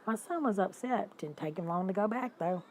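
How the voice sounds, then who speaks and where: A woman, hosting a livestream and telling stories in an animated, indignant way while talking to her viewers. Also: mid-range voice, a little fast, a little hiss or hum, low-quality recording. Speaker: livestream host. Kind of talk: casual storytelling to live chat.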